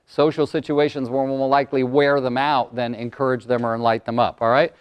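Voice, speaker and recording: An older man giving a lively workshop talk, loud and fast with many words. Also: mid-range voice, smooth. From California. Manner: energetic, talks loud and fast with lots of words. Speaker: motivational speaker and coach. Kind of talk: live workshop presentation.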